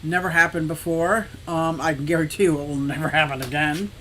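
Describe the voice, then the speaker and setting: Hosting a relaxed live stream for her aquarium and fish shop, a woman in her sixties speaks fairly quickly in a voice that sits low, with a little hiss or hum behind it. She greets viewers by name and reads their comments, spinning meandering anecdotes full of laughter in a lively, talkative way.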